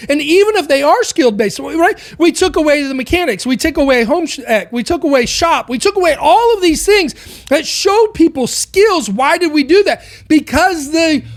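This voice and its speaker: A woman hosting a podcast, delivering an impassioned opinion monologue full of rhetorical questions. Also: sits high. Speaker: podcast host.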